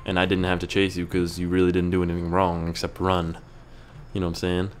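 A young man giving rambling, profane gameplay commentary, breaking into yells at the game. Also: low voice, completely flat delivery, fast, slight background noise. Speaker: gaming YouTuber.

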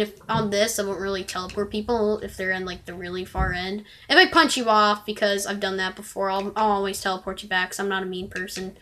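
A woman's voice: medium pitch, pushed and bright. Gaming creator, woman, mid-range voice, rambling commentary with sudden frustrated outbursts. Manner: chatty, rambling, bursts into frustrated exclamations. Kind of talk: gameplay commentary.

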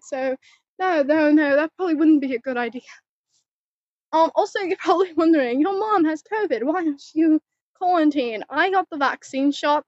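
High-voiced teen girl rambling outdoors. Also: no echo. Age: teens. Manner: rambling, giggly, excitable. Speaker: vlogger. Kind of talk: casual chatty vlog. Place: outdoors at home. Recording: dull, muffled phone audio.

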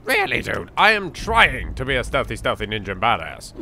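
Excitable British man narrating gameplay. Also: medium pitch, noisy background. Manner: excitable, chatty, quick to exclaim. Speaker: let's play host. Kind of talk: casual gameplay commentary.

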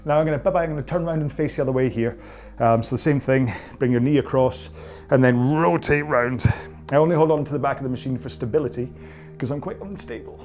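A man's voice: mid-range voice, fairly quick, a little mellow. A Scottish man in his forties talks viewers through stretches as a rowing coach. He is chatty and jokes at his own expense. Faint music plays in the background. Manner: chatty, joking and self-mocking. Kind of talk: guided stretching class, casual chat.

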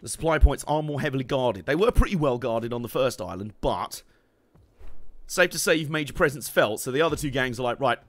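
A young man giving casual, excitable gameplay commentary, laughing, swearing and humming along as he plays. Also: mid-range voice, a little fast, no room sound. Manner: excitable, laughing, swearing, hums tunes while playing. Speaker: game streamer.

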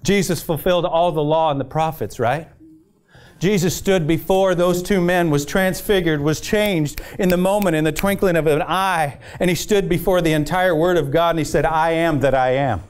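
A male pastor with a clear, resonant voice on the high side preaches at a moderate pace to a church congregation. Calling for "amen?" again and again, he retells scripture as a story and frequently starts his lines over.

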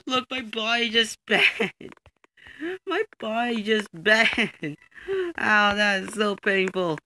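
Excitable woman gaming, noisy phone mic. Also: slow. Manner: excitable, frequent exclamations and laughter. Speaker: gaming channel host. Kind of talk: excited let's play commentary. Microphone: phone microphone. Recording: noisy, low-quality phone recording.

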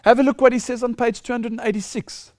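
A man's voice: very high-pitched, flat delivery, fast talker, a little mellow, no echo, studio quality. A man preaching a lecture-style sermon, emphatic and indignant as he rebuts quoted claims. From South Africa.

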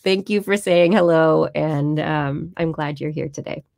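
A woman's voice: deep voice, unhurried, vocal fry, darkish tone, no echo. A woman hosting a live story time, reading a book aloud and chatting with viewers, with small stumbles. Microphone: phone or computer streaming live.

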